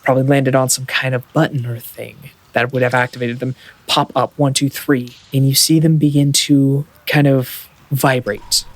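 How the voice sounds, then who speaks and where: A man narrating a tabletop game as game master, describing scenes in a halting way with lots of fillers. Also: medium pitch, flat delivery.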